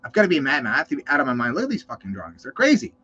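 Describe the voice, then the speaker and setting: Rapid-fire and breathy-edged, a mid-range male voice rants and swears through animated stories in the casual, profane monologue he delivers as host of his own show. The recording is slightly dull, and he sounds cold and muffled.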